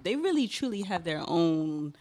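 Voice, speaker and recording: A woman's voice: lowish voice, very animated, normal speed, darkish tone, slight background noise. Giggly teasing woman podcast host. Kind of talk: casual chat.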